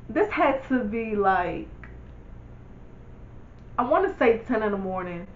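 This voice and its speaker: Young woman vlogger, candid storyteller, higher voice; roomy, dull home recording. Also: lively intonation, a little slow, long pauses. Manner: candid, blunt, swears freely, addresses viewers. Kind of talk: casual storytime.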